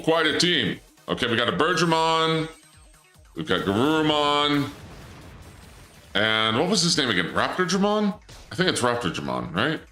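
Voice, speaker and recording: Man, game streamer, goofy banter, bright voice, echoey room. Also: on the low side. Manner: goofy, joking with chat, voice jumps up when excited. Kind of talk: casual let's-play commentary.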